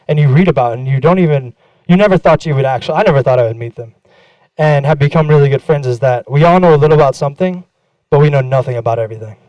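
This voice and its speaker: A man's voice: on the high side, a little mellow, no echo, rough recording. A young man giving a casual, candid conference talk, swearing freely and acting out his own anecdotes. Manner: candid, profane, self-deprecating, acts out quoted exchanges. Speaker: conference speaker. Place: conference stage.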